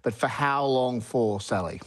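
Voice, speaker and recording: A man's voice: medium pitch, measured pace. A man reading the morning sports news in an upbeat, chatty way with playful asides. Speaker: sports presenter.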